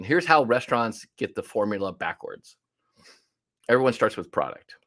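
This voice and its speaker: A man's voice: medium pitch, a bit bright. A man coaching restaurant owners in an online workshop, with a mid-range voice. He talks in a punchy, conversational way and slips into little back-and-forth scenes acting out client calls.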